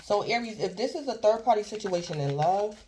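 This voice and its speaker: A woman's voice: medium pitch, lively intonation, fairly quick, mellow, slight background noise. A woman giving a casual tarot reading, rambling and repeating herself as she keeps addressing the listener by star sign. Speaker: tarot reader.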